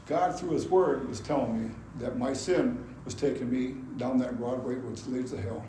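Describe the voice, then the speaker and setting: An older man giving a personal testimony at a gospel meeting, telling his story in an animated way and acting out his past anger. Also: mid-range voice, a little slow. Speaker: testimony speaker. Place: gospel hall. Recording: echoey hall, faint background noise.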